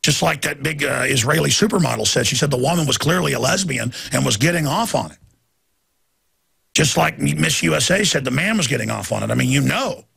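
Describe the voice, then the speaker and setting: A man's voice: on the high side, animated, fairly quick, gravelly, fairly bright tone, slightly rough. A man hosting a talk show, ranting emphatically and jumping from one story to the next. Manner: ranting, emphatic, jumps between stories. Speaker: radio talk show host. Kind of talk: heated monologue.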